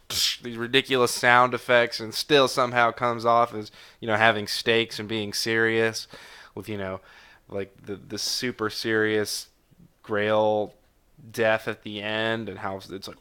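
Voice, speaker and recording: A young man in his twenties hosts a solo podcast in a loose, rambling way, full of filler words and restarts. His low-pitched voice is crisp and bright, with a slightly tired edge. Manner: rambling, frequent fillers and self-corrections. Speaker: podcast host. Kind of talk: casual solo review chat.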